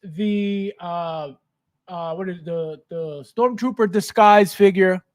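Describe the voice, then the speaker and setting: A man hosting a casual livestream, greeting viewers by name, animated and quick to laugh. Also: high-pitched, no echo, studio quality. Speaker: livestream host.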